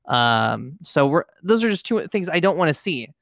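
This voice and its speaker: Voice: mid-range voice, big pitch swings, normal speed, gravelly, a bit bright, no echo, clean studio sound. A podcast co-host chatting casually and animatedly, acting out quoted lines.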